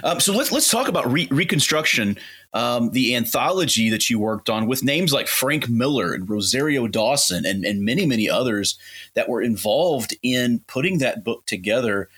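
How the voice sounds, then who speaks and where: A man's voice: mid-range voice, expressive, normal speed, a bit bright, breathy edge. A man hosting an interview, encouraging his guest and asking questions with small hesitations. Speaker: interview host.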